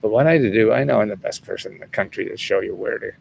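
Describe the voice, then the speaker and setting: A man's voice: fairly low pitch, quick pace, creaky, slight background noise. A man in his seventies, chatting casually and rambling as he answers viewers' questions, chuckling often and swearing freely. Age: 70s. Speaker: host answering viewers' questions about government money. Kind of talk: casual livestream chat.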